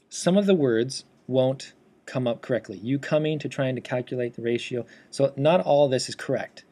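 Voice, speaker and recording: A man walks through a software tutorial as an instructor. His voice sits at a middle pitch, and he explains each step in a steady, teacherly manner. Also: moderate pace. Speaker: assistive technology instructor. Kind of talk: instructional screencast walkthrough.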